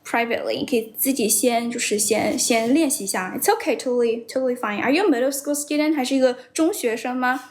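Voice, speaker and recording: A woman's voice: a little high, fast talker, hardly any pauses. A young woman hosting a casual livestream, chatting blunt and teasing with viewers and laughing often. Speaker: livestream host. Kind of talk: casual livestream chat, mixing English and Chinese. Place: based in Shanghai.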